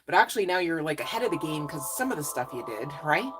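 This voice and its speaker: A woman's voice: low voice, very animated, quick pace, music in the background, poor audio. A woman giving a casual live psychic reading, effusive and encouraging, chatty with lots of fillers. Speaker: psychic reader.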